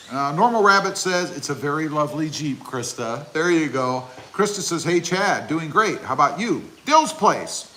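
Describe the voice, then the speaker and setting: A man's voice: a little high, sharp tone. A man hosting a casual livestream outdoors, reading chat comments aloud in a rambling, joking way with lots of fillers. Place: outdoors by his truck.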